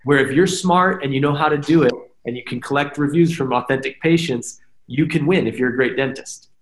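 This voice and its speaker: As a guest on a casual podcast, a man talks animatedly in long explanations, tossing in "right?" again and again. His voice is mid-range and a little fast, with a roomy echo in the recording.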